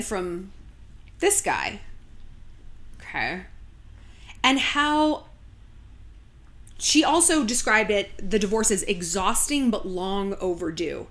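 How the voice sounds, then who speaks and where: A woman in her thirties chatting casually to camera from home, sarcastic and quick to swear. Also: medium pitch, a bit bright. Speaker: vlogger.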